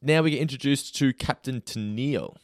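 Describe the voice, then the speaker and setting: A man's voice: medium pitch, a little fast, background noise. A man in his thirties hosting a podcast in casual chat, laughing easily and stumbling over words. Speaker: podcast host.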